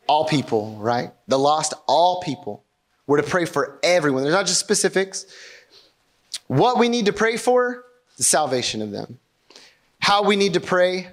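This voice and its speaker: Man, pastor, sermon, fairly high pitch, keeps asking the room "all right?". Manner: conversational preaching with rhetorical questions; checks in with the congregation often.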